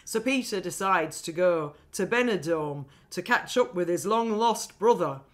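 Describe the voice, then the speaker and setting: A woman's voice: lowish voice, measured pace. A woman co-hosting a film podcast, chatting casually about films and laughing often as she talks. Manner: animated, laughs often while talking. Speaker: podcast co-host and film critic. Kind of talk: casual film review chat.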